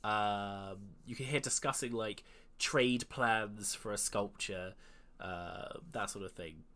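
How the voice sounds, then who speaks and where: A man running a tabletop game as dungeon master, narrating in a relaxed way with many fillers and restarts. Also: lowish voice, takes it slowly.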